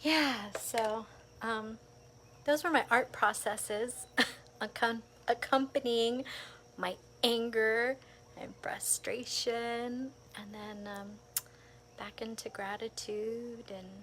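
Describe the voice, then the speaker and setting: A woman casually recounting a personal experience, lively and animated, often saying "like" and laughing between thoughts. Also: fairly high pitch, slow, slight background noise. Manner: animated storytelling with frequent laughs, filler "like". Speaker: vlogger.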